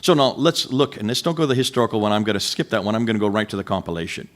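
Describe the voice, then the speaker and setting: Male lecturer, animated and emphatic, hits listeners with rhetorical questions. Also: lowish voice, racing. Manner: speaks directly to listeners in the room. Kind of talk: lecture to a live audience.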